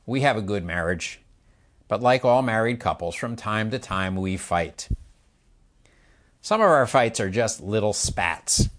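Preaching a sermon, an older man explains things slowly, asks his listeners questions, and illustrates with his hands. His voice sits on the low side with a fairly bright tone.

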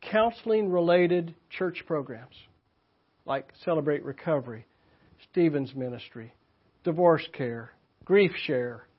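A man's voice: on the high side, breathy edge. An older man giving a sermon in a church, teaching in a conversational way and asking the congregation questions. His voice sounds slightly muffled. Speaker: pastor. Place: church meeting room.

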